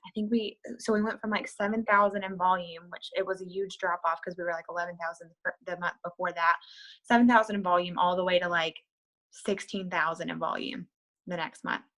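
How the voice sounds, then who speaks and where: A woman telling her business setback story in an interview, candid and chatty, full of "like" and "you know", leaping up in pitch to act out her past self. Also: fairly even intonation, a little fast, a bit bright, low-quality recording. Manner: acts out her past self with sudden high-pitched bursts. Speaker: interviewee, network marketer.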